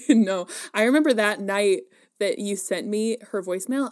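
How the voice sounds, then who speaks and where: A woman co-hosting a podcast in casual chat, bubbly and excitable, laughing a lot. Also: medium pitch, normal speed. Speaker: podcast co-host.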